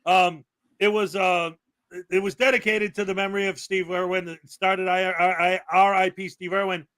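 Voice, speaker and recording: A man's voice: high voice, flat delivery, normal speed, a bit bright, no echo. A man hosting a casual livestream commentary show, chatty, with frequent fillers and laughs. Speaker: livestream host.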